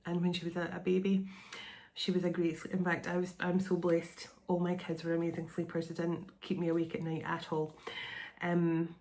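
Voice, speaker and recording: Lowish-voiced woman giving a card reading. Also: completely flat delivery, normal speed, a little mellow, a little hiss or hum. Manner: meandering, repeats phrases, earnest and reassuring. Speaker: tarot and oracle card reader. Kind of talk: channeled spiritual card reading.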